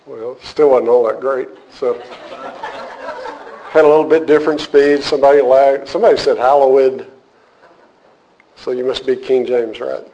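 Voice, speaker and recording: A man's voice: mid-range voice, fairly even intonation, normal speed, long pauses, warm tone, dull audio, a little hiss or hum. A man teaching a church group in a casual, joking way, then turning earnest as he explains a point. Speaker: teacher leading a church class. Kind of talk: casual sermon to a live group.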